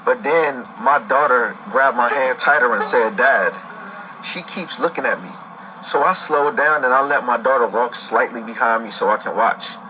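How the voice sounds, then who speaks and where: A man's voice: medium pitch, moderate pace, hardly any pauses, background noise. A man, a father, recounting a tense story in an agitated, dramatic storytelling manner. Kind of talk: storytime video.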